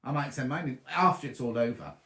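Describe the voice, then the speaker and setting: A man's voice: medium pitch, sing-song, fast talker, pushed and bright. Man, rambling live-stream chat, slightly throaty, roomy bedroom echo. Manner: chatty, rambling, answers viewers by name. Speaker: sewing show host. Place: bedroom at home.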